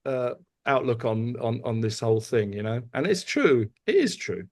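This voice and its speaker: A middle-aged man co-hosting a podcast, chatting casually and telling lively anecdotes about touring. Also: medium pitch, moderate pace. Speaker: podcast co-host. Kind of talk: casual chat.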